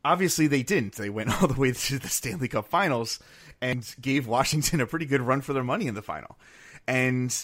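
A man's voice: medium pitch, fairly bright tone. A man co-hosting a podcast, laying out a hockey theory step by step in casual, thoughtful talk. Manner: thoughtful, lays out an idea step by step. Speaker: podcast co-host. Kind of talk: casual sports chat.

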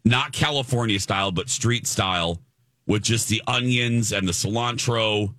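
This is a chatty, enthusiastic radio co-host from the Chicago area, with a fairly low voice. He often backs up and restarts his sentences, and the sound is dry and close. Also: normal speed, sharp tone, no echo. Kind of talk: casual chat.

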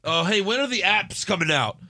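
A man with a bright, fairly high voice recaps the action in casual chat. His pitch moves a lot as he jokes and mocks what he saw, in a sarcastic, animated way. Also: fairly quick. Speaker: podcast host recapping wrestling.

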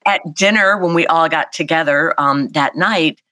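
A woman, telling a personal story as an interview guest in a lively, animated way. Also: sits low, normal speed, dry recording. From South Carolina, US. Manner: animated, vivid storyteller acting out voices. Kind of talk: storytelling in a conversation.

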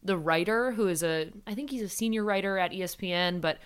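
A woman co-hosting a casual sports podcast, talking with animated enthusiasm. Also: mid-range voice, fairly quick, clean tone. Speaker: podcast co-host.

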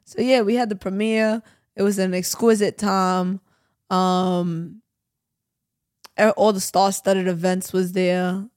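A woman co-hosts a casual podcast from home, trading playful trash talk and laughing often. Her voice sits at a middle pitch. The recording is dry and close. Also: little pitch movement, slow, darkish tone, dry recording. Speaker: podcast co-host. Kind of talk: casual chat.

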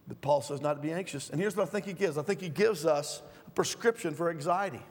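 A middle-aged male pastor preaching a sermon in a church, swinging from calm low teaching to loud pleading. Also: quick pace, hardly any pauses, breathy edge. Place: church sanctuary. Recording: reverberant hall.

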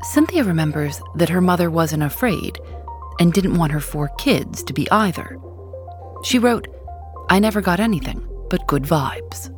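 A woman hosting a podcast, narrating and asking questions with a lively, expressive delivery. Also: on the low side, normal speed, soft background music. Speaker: podcast host.

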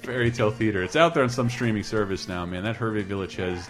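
A man's voice: fairly low pitch, animated, fast, faint music behind. An American man hosting a podcast, chatting casually and cursing while he jokes around. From United States. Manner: profane, joking, slips into silly voices. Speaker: podcast host.

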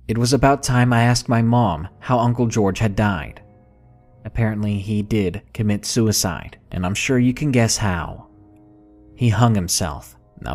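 A man reading out a true scary story in a measured, unhurried way. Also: lowish voice, a little mellow. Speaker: narrator. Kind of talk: scripted horror story narration. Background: faint background music.

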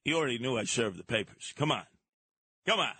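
A man's voice: mid-range voice, lively intonation, fairly quick, pushed and bright, slightly rough, no room sound. A man talking as a studio guest, emphatic and combative, telling stories with punch. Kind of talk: casual chat.

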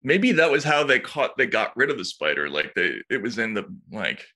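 Man, podcast co-host, bright tone, dry wry chat. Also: on the low side, expressive, normal speed. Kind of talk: casual news chat, reads stories aloud.

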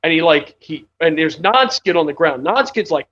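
Man, casual storyteller, fairly high voice, profane and rambling, lo-fi sound. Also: expressive, normal speed, a bit bright. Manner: rambling, swearing, laughing storyteller. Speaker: storyteller in group chat. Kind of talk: casual chat.

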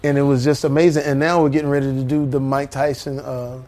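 A man in his fifties, a comedian guest, telling animated stories and slipping into impressions. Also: mid-range voice, quick pace. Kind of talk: storytelling in a talk-show interview.

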